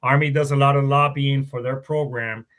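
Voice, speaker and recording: With a medium-pitched, fairly bright voice and fairly even intonation, a middle-aged Marine Corps veteran warrant officer talks at a normal speed. As an interview guest, he spins rambling, profanity-laced stories and keeps correcting himself mid-sentence.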